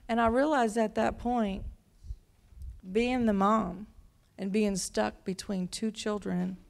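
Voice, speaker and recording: A woman's voice: medium pitch, creaky. A woman pastor giving a sermon in a chatty, storytelling manner.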